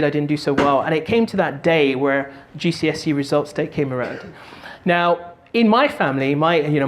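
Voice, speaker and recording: A man giving a motivational talk, telling a story in an animated, jokey way and doing voices. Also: a little high. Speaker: motivational speaker and stand-up comic.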